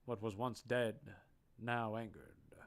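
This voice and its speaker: A man's voice: on the low side, fairly even intonation, slow pace. A man narrating audition scripts aloud, reading steadily and correcting small slips as he goes. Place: online voice chat.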